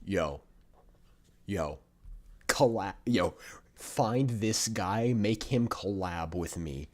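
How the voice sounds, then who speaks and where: A man with a slightly low voice hosts a casual livestream as the game developer. He reacts excitedly, swears freely and keeps saying "yo". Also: drawn-out words. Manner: excitable, swears, says "yo" often.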